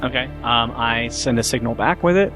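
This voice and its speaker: A man's voice: medium pitch, fairly quick, fairly bright tone, faint music behind. A man player in a tabletop game, rambling with many fillers. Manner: rambling, lots of likes and okays.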